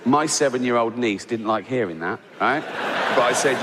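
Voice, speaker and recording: A man's voice: mid-range voice, normal speed, heavy background noise. A man from Reading with an English accent performing a stand-up routine, telling crude stories in a blunt, chatty way and often checking in with "right?". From Reading, England. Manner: blunt, crude, conversational storytelling with frequent "right?". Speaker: stand-up comedian. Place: large theatre before a live audience. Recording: reverberant live theatre with crowd laughter.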